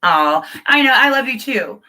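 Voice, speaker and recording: A chatty woman talking on a casual live stream. Her voice is bright and clear, and she rambles warmly from one thing to the next, greeting viewers by name between thoughts. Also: fairly high pitch, animated, unhurried.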